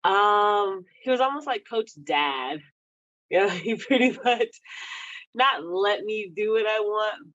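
A young woman from Texas talks casually as a podcast guest, laughing easily between her sentences. When she retells what someone said, she jumps up into a high, playful voice. The recording sounds a little dull and lo-fi, with a dry, close sound and no room echo. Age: young adult. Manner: giggly, laughs often between phrases. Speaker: podcast guest, Olympic wrestler. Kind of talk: casual interview chat.

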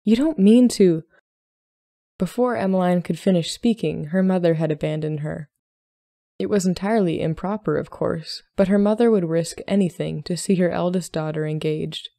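Woman narrating a story, lowish gravelly voice, warm and mellow, dry close sound. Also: normal speed, no echo. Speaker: podcast host reading a story.

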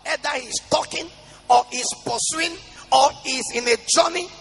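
A male pastor preaching a sermon, reading scripture in a sing-song chant and breaking into shouted declarations. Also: very high voice, normal speed, vocal fry. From Nigeria. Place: large church hall. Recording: reverberant church hall with music behind.

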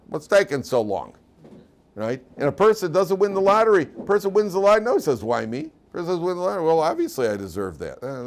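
A man, a rabbi giving a class, telling stories in an animated way, repeating phrases and acting out the dialogue. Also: mid-range voice. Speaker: rabbi teaching a weekly class. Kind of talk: storytelling lecture. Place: Jerusalem yeshiva class.

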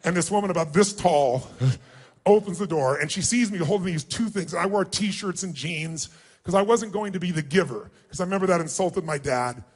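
A middle-aged man speaks in a noticeably high voice, telling a personal story to an audience. He builds emphasis and emotion as he goes and acts out what people said. His delivery is that of a motivational speaker. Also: moderate pace, slightly rough.

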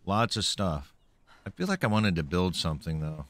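Streaming a game in let's-play style, a slightly caffeinated man jokes with himself and taunts every enemy he meets. He speaks in a low, animated, slightly bright voice at a moderate pace, recorded without echo.

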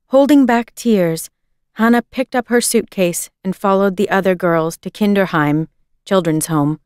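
A woman reading a children's book aloud in a measured, expressive storytelling manner. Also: medium pitch, smooth, no echo, studio quality. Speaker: reader.

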